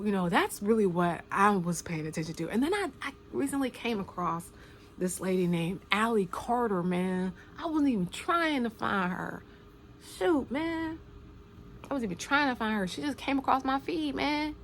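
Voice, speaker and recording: A woman giving casual spoken commentary, talking emphatically with slang, repeating phrases for stress and sometimes dropping to a hushed near-whisper. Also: a little high, expressive, moderate pace, a little hiss or hum.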